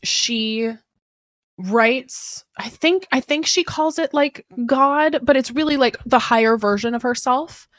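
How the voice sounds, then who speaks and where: A woman's voice: sits high, takes it slowly, a bit bright, no room sound, studio quality. A woman hosting a podcast, chatting animatedly and acting out her own inner dialogue. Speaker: podcast host. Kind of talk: casual podcast chat.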